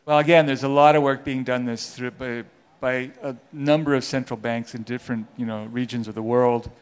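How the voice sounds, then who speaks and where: A man's voice: medium pitch, steady tone, a little fast, clean tone. A man from a legal department answering a conference question with careful, hedging wording.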